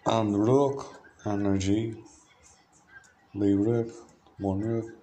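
A man from Ireland delivering a rambling, free-associating monologue in a flat, matter-of-fact way, drifting from one word to the next. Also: fairly low pitch, takes it slowly, a little hiss or hum. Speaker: diarist.

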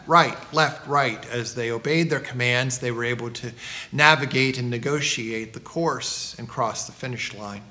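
A middle-aged man, a pastor, preaching a sermon and telling stories with a lively delivery. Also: mid-range voice.

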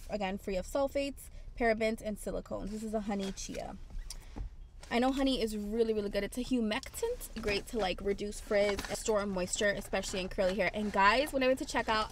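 A young woman chatting casually in a haul vlog, telling stories in an animated way. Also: a little high, a little hiss or hum. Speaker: lifestyle vlogger.

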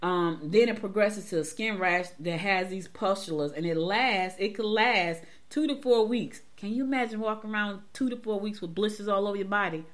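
A woman's voice: mid-range voice, normal speed, few pauses. Chatty woman hosting a morning show. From Georgia, US. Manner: chatty, emphatic, repeats herself, talks straight to listeners. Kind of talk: casual talk-show commentary.

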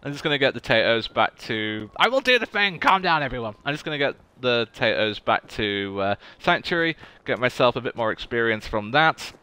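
A man's voice: mid-range voice, lively intonation, moderate pace, hardly any pauses, pushed and bright, smooth. A young man streaming a video game, chatting in a goofy, casual way to his viewers. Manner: chatty, goofy, talks to chat. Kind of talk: casual gaming livestream chat.

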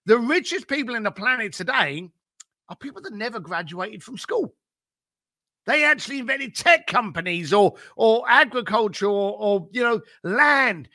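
A man being interviewed as an entrepreneur, giving blunt, energetic business advice and swearing casually. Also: very high-pitched, normal speed, no room sound, studio quality. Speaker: entrepreneur guest.

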